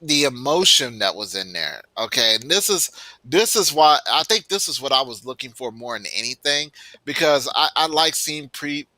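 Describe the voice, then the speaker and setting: A man's voice: medium pitch, animated, moderate pace, pushed and bright, dry recording. A man co-hosting a sports podcast in casual chat, emphatic and punctuating his points with "okay". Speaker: podcast co-host.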